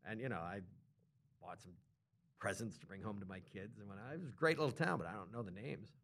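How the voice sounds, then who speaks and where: A man's voice: on the low side, fast. A man in his forties co-hosting a podcast, telling a story in casual chat and acting out the voices of people in it. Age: 40s. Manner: animated, acts out quoted voices. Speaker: podcast co-host.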